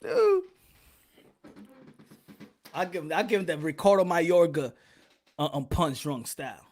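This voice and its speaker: A man's voice: on the high side, sing-song, slow pace, a little mellow. A man hosting a boxing podcast in casual chat, rambling, joking and swearing freely.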